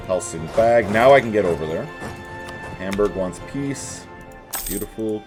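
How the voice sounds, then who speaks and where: Man, wry gameplay commentator, animated delivery, faint music under the voice. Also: fairly low pitch, measured pace, pauses often. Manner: wry, jokey running commentary to himself. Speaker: strategy game streamer.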